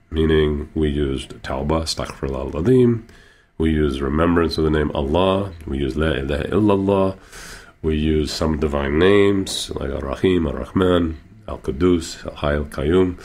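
A middle-aged man with a rumbling low, darkish voice appears as a guest on a radio interview, sharing healing stories as a healer. He speaks earnestly, acts out his patients' quoted words, and builds toward emphatic payoffs.

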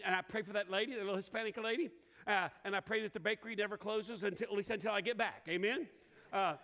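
A man's voice: high-pitched, fairly bright tone. A man preaching a sermon, telling folksy stories with quoted voices and asides to the congregation. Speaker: pastor. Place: large church hall. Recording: church hall reverb.

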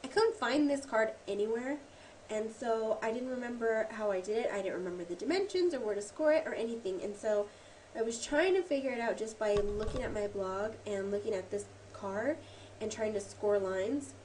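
A woman with a slightly high, darkish voice talks at a normal speed over slight background noise. She's hosting a casual craft tutorial, chatty and rambling, full of ums and self-corrections, and a bit sniffly from a cold.

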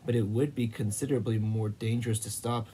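A man reading the lines of a calm, measured male soldier in a storybook. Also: fairly low pitch, slight background noise, natural voice, low-quality recording.

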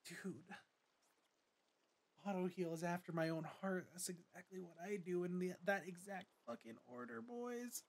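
A young man streaming a game, commenting in an excitable, gushing way with swearing and dramatic self-mockery. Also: sits high, measured pace, vocal fry. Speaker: gaming streamer. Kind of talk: let's play commentary.

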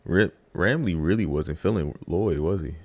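Deep gravelly gamer joking through a playthrough. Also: male voice, moderate pace, a little hiss or hum. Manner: joking, rambling, playful mutters and sound effects. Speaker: gaming YouTuber. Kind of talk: casual let's-play commentary.

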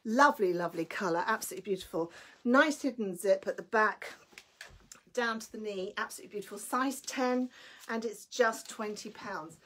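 Speaking at a normal speed with a medium pitch and fairly bright tone, this online clothing seller runs a live stream. She greets viewers by name and comes across as chatty, eager and slightly out of breath.

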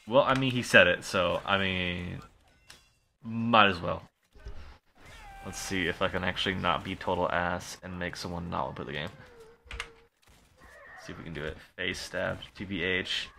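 A man streaming a shooter game, commenting live as he plays, swearing and swinging between low mumbles and excited outbursts. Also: normal speed, gravelly, long pauses, a little hiss or hum.

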